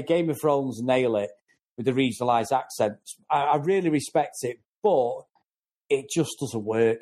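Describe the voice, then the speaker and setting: A man from North West England talks through a film review in casual podcast chat. He is blunt and animated, often stumbling over the start of a sentence before pushing on. His voice sits in a middle pitch. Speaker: podcast co-host.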